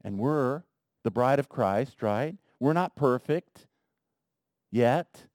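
A man preaching a sermon in a conversational way, talking straight to the men in the room and swinging between soft asides and loud emphasis. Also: medium pitch, expressive, slow pace, dry recording, studio quality. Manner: conversational, addresses men in the congregation directly. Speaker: pastor.

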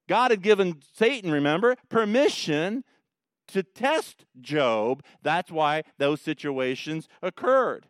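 A male pastor preaches with a high, light voice, pressing his points hard and swinging between hushed passages and loud rising ones. The sound is close and dry, with no room around it. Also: lively intonation, normal speed, dry recording. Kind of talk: sermon.

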